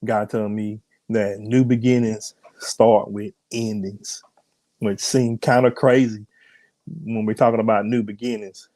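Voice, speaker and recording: His voice is warm and on the low side, level in tone and a little slow, strained by sickness. The host and minister chats casually on his live-streamed broadcast, greets viewers by name, then prays and preaches, all on a dry recording.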